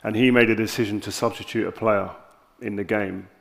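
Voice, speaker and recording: South London man, gravelly, fairly low-pitched; candid stage guest spinning animated anecdotes. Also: fairly quick. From South London, England. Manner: animated anecdotes with lively quoted dialogue. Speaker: interview guest.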